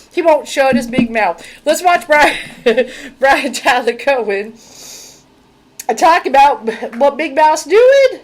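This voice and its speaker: A woman hosting a casual commentary stream, exuberant and a little out of breath, with music playing behind her. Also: sits high. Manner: exuberant, whooping and laughing, breathless. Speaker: tarot reader and channel host.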